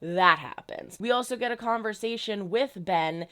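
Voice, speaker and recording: A woman talks through an episode in a relaxed, chatty way, pushing hard on the parts that bother her. Her voice sits in a middle pitch, and she sometimes briefly mocks the characters in put-on tones. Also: normal speed, a little hiss or hum. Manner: chatty and emphatic, dips into mocking voices. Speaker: reaction youtuber. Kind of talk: casual recap and commentary.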